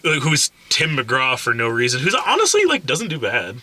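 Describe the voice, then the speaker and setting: A man's voice: mid-range voice, wildly swooping pitch, normal speed, bright, forceful tone, slight background noise. A man co-hosting a movie review, chatting casually, rambling and swearing, with mocking whispered impressions. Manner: profane, rambling, mocks actors with whispered impressions. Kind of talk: casual chat.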